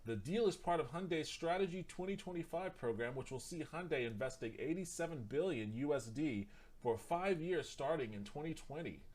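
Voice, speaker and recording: A man hosts a casual livestream, reading news articles aloud in an everyday voice. He trips over names and numbers and backs up to fix them. Between passages he drops in quick, blunt, profane comments of his own. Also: fairly high pitch, expressive, darkish tone. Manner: stumbles and restarts while reading. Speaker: livestream host.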